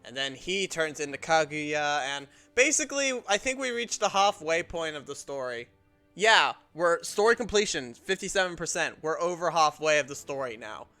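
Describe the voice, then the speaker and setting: A young man talking through his gameplay in a playful, joking way. His voice is high, bright and clean, with faint game music underneath. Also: sing-song, normal speed. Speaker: gameplay streamer. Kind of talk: casual let's play commentary.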